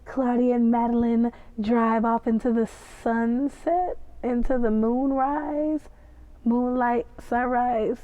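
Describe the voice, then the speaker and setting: A woman's voice: a little high, fairly even intonation, takes it slowly, mellow, no echo. A woman hosting a podcast, recapping and reacting to a TV episode in a gushing, chatty way with playful asides. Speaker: podcast host reviewing a TV episode. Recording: tinny phone-like sound, dry.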